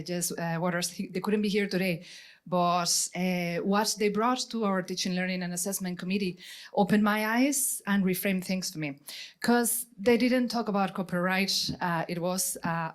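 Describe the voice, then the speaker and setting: A lecturer with a Spanish accent gives a short talk at a conference. Her voice sits somewhat low for a woman, and her speech is halting, full of fillers and restarts. She pokes fun at herself along the way. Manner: hesitant, many fillers and restarts, self-deprecating. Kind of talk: lightning talk. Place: conference room.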